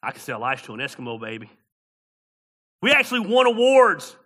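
Bright-voiced preacher, loud to hushed. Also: male voice, fairly high pitch, big pitch swings, brisk, husky. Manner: swings between loud preaching and quiet storytelling. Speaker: pastor. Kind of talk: sermon.

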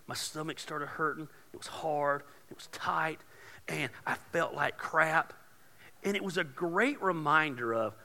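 Gravelly, bright pastor preaching. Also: male voice, a little high, big-room sound. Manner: casual, joking, rising to loud emphatic preaching. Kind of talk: sermon.

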